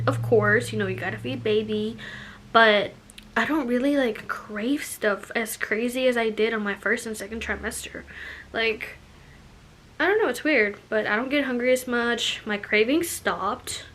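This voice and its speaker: A young woman vlogger gives a casual pregnancy update in a fairly high, fairly bright voice, sounding a little out of breath. She chats loosely, sprinkling in lots of "like" and "you know," with slight noise in the background.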